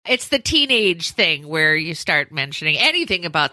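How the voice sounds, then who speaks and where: A woman in her fifties with a bright, forceful voice and a lively pitch, recorded close and dry. She jokes and tells family stories in a casual chat. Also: moderate pace, no echo. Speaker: co-host.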